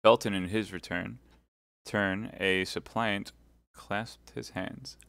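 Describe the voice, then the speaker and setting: Guy reading an old novel on stream, lowish voice, dry close sound. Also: fairly even intonation, takes it slowly, gravelly, a bit bright, no echo. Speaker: audiobook reader. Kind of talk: live reading of a classic novel.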